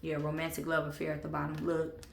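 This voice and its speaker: Sassy tarot-reading woman, gravelly voice. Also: sits low, fast talker, roomy sound, a little hiss or hum. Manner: sassy, sarcastic, swearing, animated bursts of laughter. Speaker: tarot reader.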